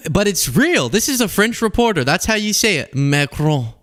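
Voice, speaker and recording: A man's voice: high voice, big pitch swings, a little fast, fairly bright tone. Giggly, sarcastic male commentary host. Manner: giggly, sarcastic, often breaks into laughter. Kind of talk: casual political commentary.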